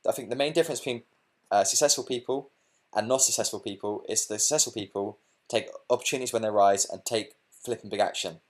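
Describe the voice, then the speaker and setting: A man with a fairly low voice closes out an online business webinar as its host. He talks in short, punchy bursts and checks in with "okay?" and "look" again and again. It is an energetic sales pitch that pushes listeners to take action. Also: fast. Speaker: business coach hosting a webinar.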